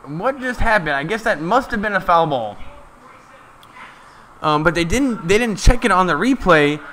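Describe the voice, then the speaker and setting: A man giving casual, excited live play-by-play of a ball game from a stream, chatting to his viewers. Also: sits high, normal speed, slight background noise.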